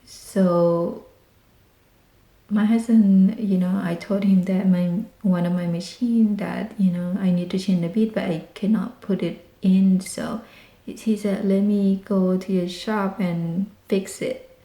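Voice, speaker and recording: A woman with tells a family story as a vlog, excited and animated, piling on dramatic exclamations. Her voice sounds warm and mellow. It echoes in a roomy space. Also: mid-range voice, slow pace. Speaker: vlogger. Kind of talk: casual storytelling. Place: home in rural Texas.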